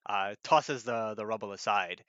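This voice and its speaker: A man narrating a tabletop game as game master, halting and full of fillers. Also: lowish voice, fairly bright tone, smooth, no room sound, highs cut off.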